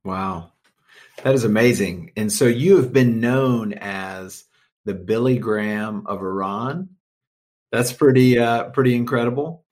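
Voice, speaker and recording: A man's voice: mid-range voice, unhurried, a little mellow. A man interviewing a guest, reacting with admiration and prompting him to say more.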